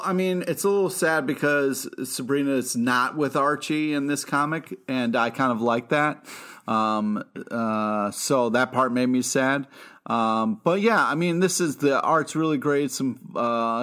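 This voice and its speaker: A man in a casual podcast chat at an ordinary middle pitch. He talks in a wry, halting way, filling gaps with ums and uhs as he gathers his thoughts. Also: a bit bright. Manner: hesitant, many fillers, wry. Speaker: podcast co-host. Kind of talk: casual comic review chat.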